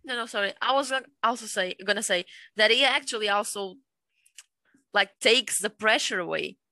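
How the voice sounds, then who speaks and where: A woman guest on a podcast speaking English with a non-native accent, chatting in a lively way and laughing often. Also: medium pitch, normal speed, dry recording. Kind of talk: casual conversational chat.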